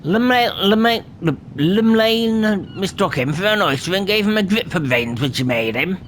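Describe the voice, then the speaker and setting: A man voicing a gruff, stern ship's captain who scolds his crew with old-fashioned insults. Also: high-pitched, lively intonation, moderate pace, a bit bright, slight background noise.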